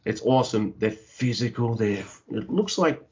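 Co-hosting a podcast, a man chats casually and animatedly about wrestling, swearing a lot and acting out the wrestlers' lines. His voice is on the low side at a moderate pace, and the recording sounds muffled.

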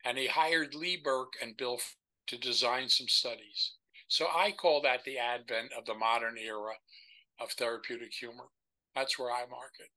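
An older man, a podcast guest, telling stories in a lively way and acting out the people he quotes. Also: medium pitch, moderate pace, low-quality recording. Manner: animated storyteller who acts out the voices of the people he quotes. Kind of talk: storytelling conversation.

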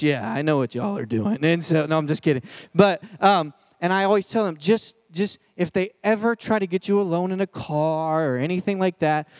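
A man in his thirties preaching a jokey youth sermon, animated and talking straight to the crowd. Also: high-pitched, dry recording. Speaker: pastor.

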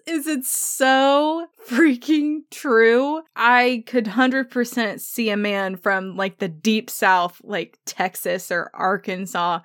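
A woman's voice: mid-range voice, a bit bright, no echo. A woman talks through her solo podcast in a chatty, enthusiastic way, full of asides to her listeners. Her voice sits mid-range. The sound is dry and close, with no room around it. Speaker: podcast host. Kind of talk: casual solo podcast recap.

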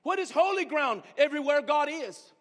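A man in the pulpit, a pastor, preaching with call-and-response, fervent repetition, hushed whispers and rising shouts. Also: extremely high pitch, animated, moderate pace, long reverb tail. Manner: drops to hushed whispers for emphasis; fervent, repeats phrases. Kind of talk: sermon. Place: church sanctuary.

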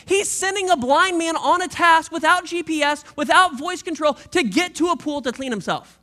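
Bright, high-pitched lively preacher. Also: moderate pace. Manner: animated, conversational storytelling with slang; shifts into a quiet, reflective tone late on. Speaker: pastor. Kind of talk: sermon.

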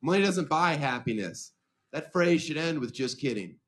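A man doing a stand-up comedy set, delivering dark jokes in a dry, deadpan way with rhetorical questions. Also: fairly high pitch, moderate pace, a little hiss or hum.

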